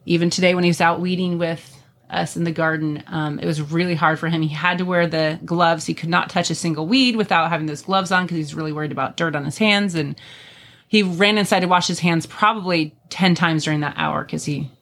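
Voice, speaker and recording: A middle-aged woman with a fairly low voice tells family stories in a relaxed chat. She talks earnestly and often pauses with an um. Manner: earnest, storytelling with many ums. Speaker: podcast guest. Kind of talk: casual conversation.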